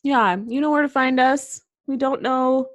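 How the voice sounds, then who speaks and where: Young woman podcast co-host, raunchy and giggly storyteller, bright-ish voice, dead-dry close mic. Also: high-pitched, fairly even intonation, a little slow, no echo, muffled recording. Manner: laughing, profane storytelling. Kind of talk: casual chat.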